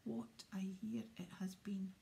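A whimsical elderly headmaster wizard, put on by a woman reader in a storybook, rambling along in a genial way. The voice is mellow and gravelly, with faint ambience behind. He sounds like an old man, cheerful and unhurried. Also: medium pitch, level tone, slight background noise.

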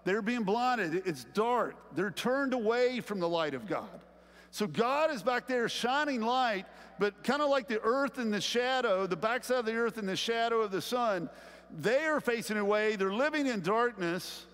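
A male pastor with a Southern US accent preaching a sermon in a conversational way, slowing down to stress key phrases, in a large church sanctuary. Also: sits high, expressive, fairly bright tone, big-room sound.

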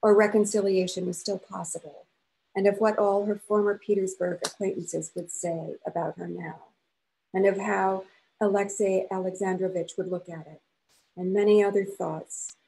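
Mellow-voiced woman reading a novel aloud. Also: fairly low pitch, vocal fry, poor audio. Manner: measured, expressive reading. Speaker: author and professor reading to a class.

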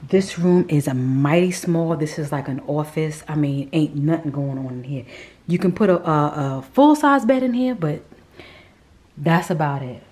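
Low, mellow-voiced woman vlogging casually. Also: lively intonation, normal speed. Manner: chatty and candid, often drops to a whisper. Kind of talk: casual chat while touring a model home. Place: indoors, model townhouse.

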